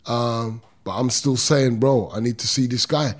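In a steady, mid-range voice at a measured pace, a middle-aged former boxer tells his emotional personal story during an interview. He is intense and emphatic, stretching words out and using street slang.

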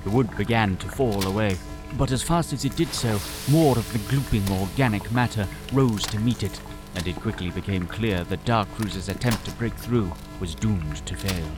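Man, low voice, pompous florid narration, scripted audio drama, faint music. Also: normal speed. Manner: pompous, florid Victorian gentleman's tone. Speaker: storyteller and sole voice actor.

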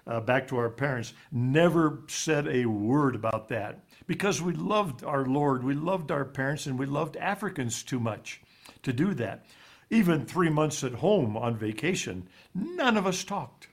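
A man, an author being interviewed, telling a personal story in a halting way, often repeating words, his voice dropping low and quiet on the painful parts. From raised in Ivory Coast.

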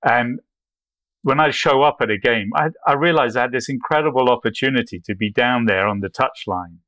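A man's voice: medium pitch, brisk, fairly bright tone, dry recording. A man answering interview questions with long, rambling anecdotes full of restarts. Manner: anecdotal, with frequent restarts and acted quotes. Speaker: guest, photographer.

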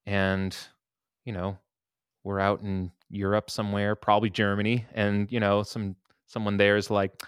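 A man with a lowish, smooth and resonant voice, talking as a guest musician in a relaxed interview. He tells loose stories and swears offhandedly, recorded close and dry. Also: normal speed, no echo. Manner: laid-back storytelling, laughs and swears casually. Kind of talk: casual interview.

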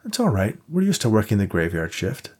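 A man voicing a brisk woman professor with a dry sense of humor. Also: fairly low pitch, huge pitch swings, a little mellow, husky, full character voice.

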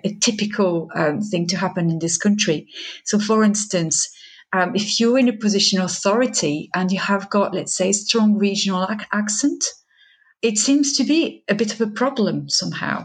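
A woman's voice: mid-range voice, moderate pace. A middle-aged woman educator speaking as an interview guest, thoughtful and hesitant, with many fillers and restarts. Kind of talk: conversational interview.

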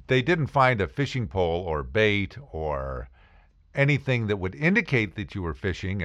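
Wry lively-voiced American man telling stories. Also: fairly low pitch, no echo. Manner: wry, joking, acts out quoted voices. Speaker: attorney podcast host. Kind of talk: casual storytelling monologue.

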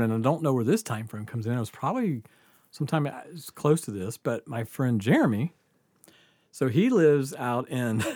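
A man's voice: mid-range voice, darkish tone, slightly rough, no echo, studio quality. A man casually telling a story, laughing often and swearing freely.

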